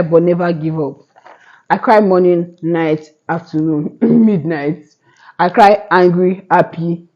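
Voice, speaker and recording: A woman's voice: fairly low pitch, dull audio. A young woman in her twenties giving earnest motivational advice to camera, rambling with restarts. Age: 20s. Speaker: vlogger. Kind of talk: casual motivational talk to camera.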